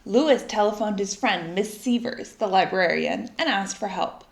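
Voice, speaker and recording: A woman reading a children's story aloud in an expressive, lively way. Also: mid-range voice, moderate pace, vocal fry. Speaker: storybook reader. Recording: echoey room.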